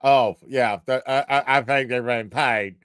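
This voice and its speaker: A man's voice: medium pitch, steady tone, a little slow, fairly bright tone, smooth, no room sound, clean studio sound. A man hosting a livestream, giving crude, heckling commentary full of swearing. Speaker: livestream host. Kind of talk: profane casual commentary.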